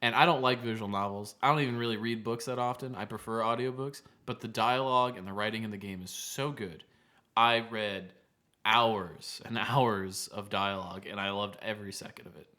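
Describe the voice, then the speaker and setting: A man's voice: lowish voice, normal speed, pushed and bright. A man co-hosting a casual podcast chat, talking eagerly and leaning on filler words. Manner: enthusiastic, many "like" fillers. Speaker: podcast co-host.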